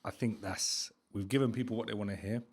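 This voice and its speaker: Blunt, encouraging podcast host. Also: male voice, on the low side, steady tone, fairly quick, darkish tone. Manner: encouraging, blunt, casual swearing. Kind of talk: podcast interview.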